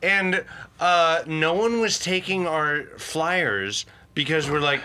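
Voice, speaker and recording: A middle-aged man speaks slowly in a strikingly bright, sharp voice, trading wry remarks as a podcast guest. His pitch is a little high for a man, with a faint hiss in the background. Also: fairly even intonation, smooth. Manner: dry, wry asides. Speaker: guest, band member. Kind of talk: casual chat.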